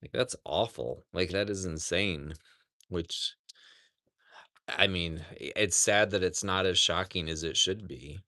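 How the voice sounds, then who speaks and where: Slow, low-voiced man chatting on a livestream. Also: no room sound, clean studio sound. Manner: rambling, says "like" often, talks softly to animals. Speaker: animal sanctuary livestream host. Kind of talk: casual livestream chat. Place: outdoors at a farm sanctuary among animals.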